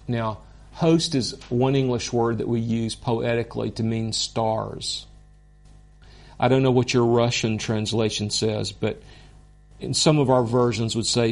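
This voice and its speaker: Earnest male Bible teacher, unhurried and gravelly, emotional about the text. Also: medium pitch, fairly even intonation. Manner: earnest, slow and deliberate, moved to emotion.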